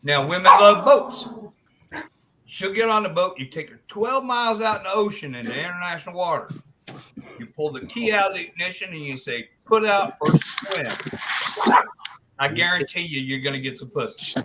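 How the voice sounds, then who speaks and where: A man hosting a live chat stream, telling long crude jokes in a loose, animated way. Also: high voice, brisk, very noisy. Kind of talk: joke telling in casual chat.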